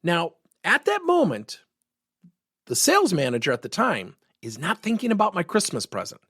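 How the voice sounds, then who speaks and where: A middle-aged man coaching through a story in an animated way, his pitch swinging widely as he acts out the people in it. His voice is slightly husky at a middle pitch, and it sounds close and dry, with no room around it. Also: moderate pace, no echo. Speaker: workplace coach.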